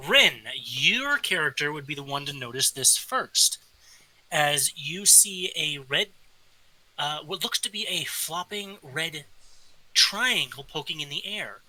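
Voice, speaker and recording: A man's voice: a little high, expressive, takes it slowly, bright, forceful tone, no room sound, low-quality recording. A man narrating as game master of a tabletop game, describing scenes with casual fillers.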